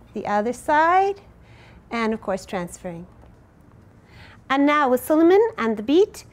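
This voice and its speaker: Woman teaching dance moves, slightly high voice, patient and clear, counts it out. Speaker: belly dance instructor. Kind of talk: step-by-step dance instruction.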